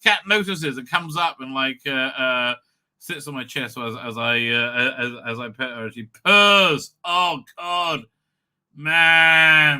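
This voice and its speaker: A man's voice: medium pitch, slow, bright, forceful tone, smooth. A man hosting a live stream, rambling and ranting with lots of swearing and filler words. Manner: profane, ranting, many fillers. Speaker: livestream host.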